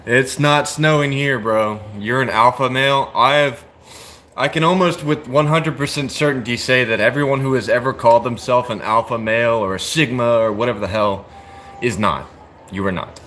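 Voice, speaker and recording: A man from the United States in his thirties talks casually and bluntly, joking and cursing, tossing in "bro" and "dude". His voice sounds bright and forceful. Faint ambient noise sits in the room behind him. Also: mid-range voice. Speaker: livestream host answering chat. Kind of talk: casual chat.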